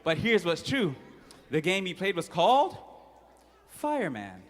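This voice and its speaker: A man tells a children's story live, playful and interactive. His voice sits fairly high and swings widely in pitch. A long hall reverb trails behind his words. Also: measured pace. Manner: playful, animated, audience-interactive.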